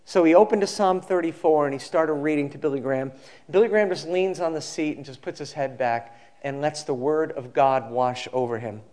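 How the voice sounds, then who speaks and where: A male pastor giving a sermon, telling a story in a relaxed conversational way and acting out the quoted people. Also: fairly high pitch, fairly quick.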